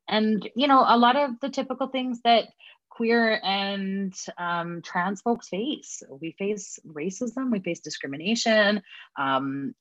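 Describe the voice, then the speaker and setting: A woman speaking as an interview guest and community liaison, heartfelt and soft-spoken, often asking "right?". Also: mid-range voice, no echo. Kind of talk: earnest interview answers. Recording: dull, dry lo-fi sound.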